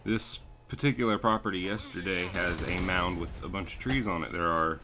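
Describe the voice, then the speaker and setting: Low-voiced man, ranting and profane. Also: normal speed, noisy background. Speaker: landscaping crew leader. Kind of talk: casual storytelling over gameplay.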